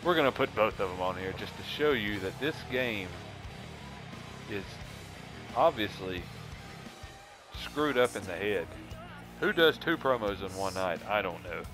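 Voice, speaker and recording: A man hosting a casual let's-play, joking and excitable as he comments on the game. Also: fairly low pitch, measured pace, pauses often, over music, low-quality recording. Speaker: gaming channel host.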